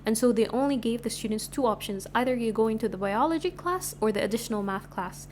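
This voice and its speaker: A woman's voice: on the high side, fast talker, slight background noise. A woman in her twenties from Sudan, chatting casually as she tells stories on her podcast and filling her talk with "like". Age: 20s. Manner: chatty, animated, lots of filler "like". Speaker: podcast host. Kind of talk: casual storytelling.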